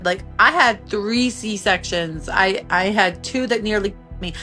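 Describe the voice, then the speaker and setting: Woman in her 30s telling her own story, halting, lots of "like", faint music under it. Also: mid-range voice, sharp tone. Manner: halting, many restarts and filler "like". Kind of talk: personal testimony.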